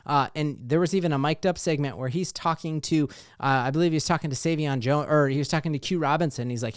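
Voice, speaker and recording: A man hosting a casual sports talk show, excited and rambling with lots of fillers. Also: on the high side, quick pace, few pauses, clear, resonant tone, no room sound, clean studio sound.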